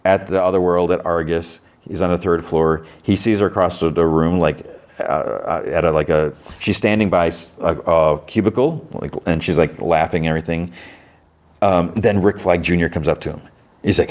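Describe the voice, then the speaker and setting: A man hosting a podcast, casually recapping a TV episode, retelling scenes with lots of "like" and quick character impressions. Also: deep voice, fairly even intonation, a little mellow. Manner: loose retelling with frequent "like" and restarts, lightly mimicking characters' lines.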